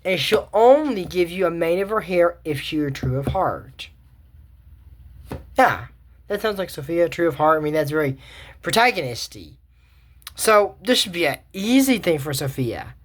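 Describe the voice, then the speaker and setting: A woman's voice: fairly low pitch, expressive, normal speed. A woman giving a casual, rambling recap of a cartoon episode, with sarcastic asides.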